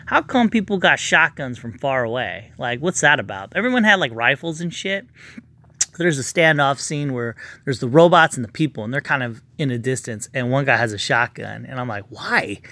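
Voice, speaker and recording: A man's voice: medium pitch, pushed and bright. A man in a casual, profane, rambling rant reviewing a movie, sounding exasperated.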